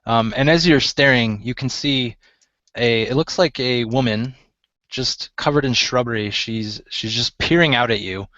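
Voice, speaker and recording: A man narrating as game master in a relaxed way, with many fillers. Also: mid-range voice, unhurried, no echo, muffled recording.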